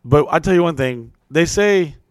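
A man's voice: on the high side, moderate pace, no room sound. A man hosting a casual podcast chat, swearing freely and acting out other people's voices as he tells stories. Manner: profane, animated storytelling with mimicked voices. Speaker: podcast host.

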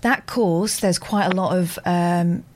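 A woman co-hosting a casual chat in a lowish voice. She speaks quickly and reflectively. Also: a little mellow, slight background noise.

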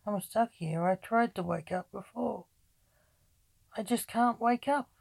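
A woman voicing an anxious young man, a seer of dark visions, pleading in a frightened manner in a gothic audio story. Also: mid-range voice, unhurried, creaky, pitched above the performer's own voice. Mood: desperate.

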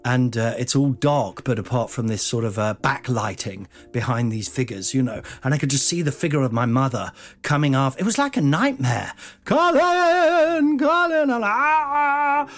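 Lively forties man telling a story. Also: medium pitch, moderate pace, hardly any pauses. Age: 40s. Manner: lively, swears, acts out voices. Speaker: podcast host. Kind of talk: casual storytelling.

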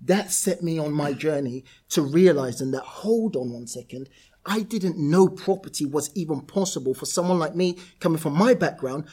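A man's voice: a little high, normal speed, mellow, breathy edge. A man, a property entrepreneur, telling anecdotes in a casual interview and laughing through them. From South-East London, England.

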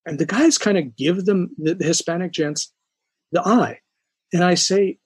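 A psychologist from New York, a man, talking as a guest in a podcast interview and telling an anecdote with lively restarts. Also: high voice, normal speed, breathy edge, no room sound. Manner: animated storyteller, frequent restarts.

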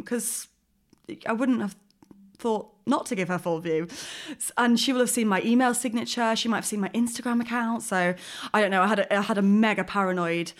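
A woman co-hosting a podcast, telling a story in a rambling, animated way full of fillers. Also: on the high side, quick pace. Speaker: podcast co-host. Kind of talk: casual chat, storytelling.

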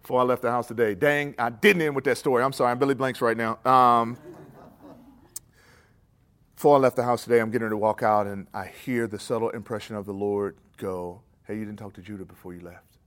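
A man preaching a sermon, telling a family story in a relaxed, conversational way and then dropping into a quiet prayer. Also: medium pitch, a little fast.

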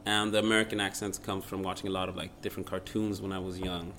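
Guy, comedian, bright voice, playful and chatty, bit of hiss behind. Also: deep voice. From Sweden. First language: Swedish. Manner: animated, jokey, quick to play along. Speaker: comedian and radio host. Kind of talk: casual conversation.

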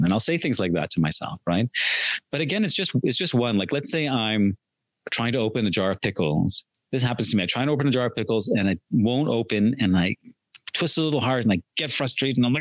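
A middle-aged man talks earnestly as a podcast guest, restarting his sentences and laughing at himself now and then. His voice sits in a middle pitch. The recording is dry and a little dull. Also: expressive, a little fast, dry recording. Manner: earnest, warm self-talk with frequent restarts and laughs. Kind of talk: reflective conversational chat.

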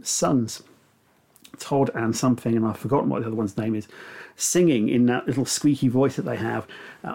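A man's voice: medium pitch, darkish tone, husky. A middle-aged man giving a reflective sermon, with frequent fillers and restarts. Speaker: preacher. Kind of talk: sermon talk.

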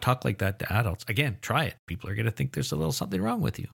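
A man's voice: medium pitch, very animated, racing, vocal fry, hardly any pauses, a bit bright, breathy edge. A man lecturing on child language development, explaining steadily and pushing his voice up for emphasis on key points. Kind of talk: recorded lecture.

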